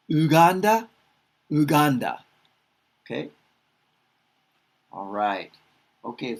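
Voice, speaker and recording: A man's voice: mid-range voice, a bit bright. A man teaching pronunciation in a casual lesson, saying each word two or three times with chatty asides and laughing at his own slips. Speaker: English teacher.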